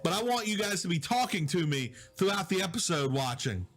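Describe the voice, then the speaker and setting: A man from Southwest Louisiana, hosting a casual live stream from his home office, chatting with viewers and reading their comments, on a quiet, low-volume mic. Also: sing-song, brisk, soft background music. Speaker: digital host. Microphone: low-volume mic with problems.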